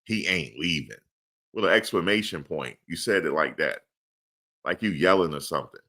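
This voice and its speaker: Deep-voiced man, forceful sports streamer. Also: expressive, a little fast. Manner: emphatic, repeats rhetorical questions. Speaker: livestream host. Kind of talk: live-stream sports commentary answering chat.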